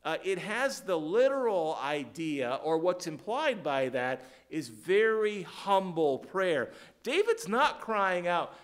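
A man preaching a sermon, halting with fillers and restarts, then rising to fervent emphasis when quoting scripture. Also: high-pitched, sing-song, a bit bright.

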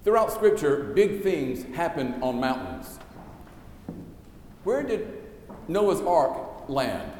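A man preaches from the pulpit in a fairly high voice, measured and emphatic, throwing out rhetorical questions. His words ring through a large church with a long, roomy reverb. A faint hum of noise sits underneath. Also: big pitch swings, darkish tone. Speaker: pastor. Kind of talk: sermon with scripture reading.

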